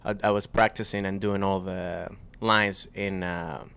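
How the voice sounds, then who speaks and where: Low-voiced man, rambling casual chat. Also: a little slow, vocal fry, smooth. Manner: relaxed, rambling, with many fillers and restarts. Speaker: comedian and voice actor, guest.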